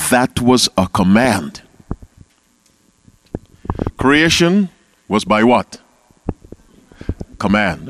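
A man's voice: medium pitch, no room sound. A man leading an interactive Bible class, calling on members by name and repeating key phrases. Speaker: Bible teacher.

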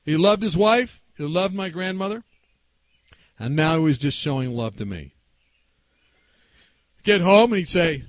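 A man preaching a sermon through a personal story, animated and swinging between loud and hushed delivery. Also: a little high, unhurried, pauses often, no echo.

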